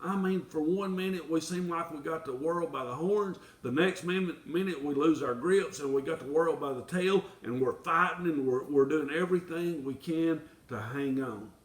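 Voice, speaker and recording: A man is preaching a folksy sermon, and his voice sits a bit higher than most men's. He builds to impassioned appeals. He is heard from a distance in a roomy, echoing space. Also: normal speed, hardly any pauses. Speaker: pastor. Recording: echoey room, from far off.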